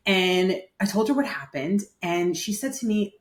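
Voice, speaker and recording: A woman's voice: on the low side, animated, fairly quick, few pauses. A woman in her thirties who works as a nurse coach, telling stories in a casual interview and using many "like" fillers. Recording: roomy echo.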